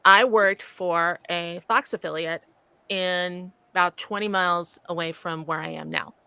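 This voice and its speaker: Woman, co-host, lively storyteller, bright tense voice, dry close sound. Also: on the low side, measured pace, gravelly, smooth, no echo. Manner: animated storyteller, laughs often. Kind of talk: casual chat, storytelling.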